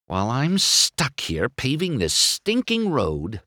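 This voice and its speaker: A man voicing a cocky, irritable young male race car in a storybook reading, griping and raised in pitch. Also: huge pitch swings, a little slow, sharp tone, dry recording, clean studio sound, full character voice.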